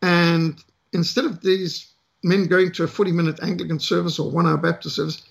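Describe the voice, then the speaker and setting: A middle-aged South African man telling a story from his past, unhurried and pausing often with "uh". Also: fairly high pitch, gravelly, breathy edge. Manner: unhurried with frequent "uh" pauses. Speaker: ministry speaker. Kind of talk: storytelling testimony.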